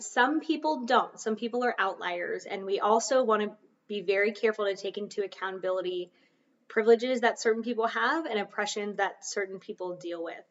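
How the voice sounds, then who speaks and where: A woman hosts a solo podcast, chatty and self-deprecating as she coaches her listeners. Her voice sits at a middling pitch and seems a little off the mic. The recording sounds dull and muffled. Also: distant mic. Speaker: podcast host. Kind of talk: casual solo podcast talk.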